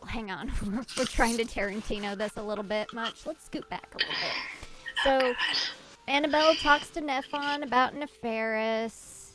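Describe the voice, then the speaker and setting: A woman's voice: mid-range voice, fairly bright tone. A woman recapping a tabletop game in a chatty, giggly way, often interrupting herself.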